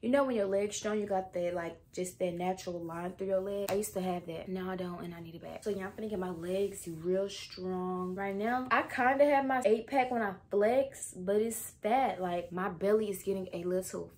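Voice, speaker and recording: A woman's voice: medium pitch, slight background noise. Chatty young woman vlogger. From Texas. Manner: chatty and animated, drawn-out exclamations; often drops to a soft whisper. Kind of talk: casual vlog chat. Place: at home indoors.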